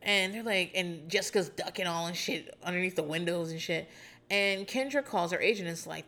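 A woman's voice: on the low side, fairly quick, pushed and bright. A woman in her thirties hosting a casual podcast, chatty and sarcastic, swearing freely and laughing often. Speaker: podcast host recapping a reality show. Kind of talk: casual chat.

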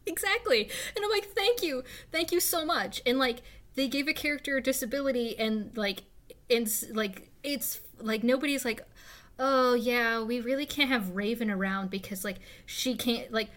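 A woman co-hosts a casual podcast chat, her voice sitting a little high with a bright edge. She talks in an animated rush, swearing freely and breaking into laughter often. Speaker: podcast co-host.

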